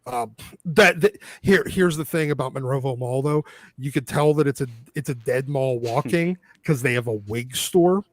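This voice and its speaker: A man's voice: mid-range voice, normal speed, no room sound. A man from the Pittsburgh area ranting emphatically in a casual live-stream chat, with profane asides. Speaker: show regular, commentator.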